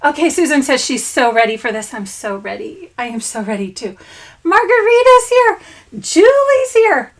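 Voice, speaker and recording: A woman's voice: a little high, fairly quick, few pauses. A middle-aged woman hosting a casual scrapbooking livestream from her home craft room, bubbly and chatty as she greets viewers by name.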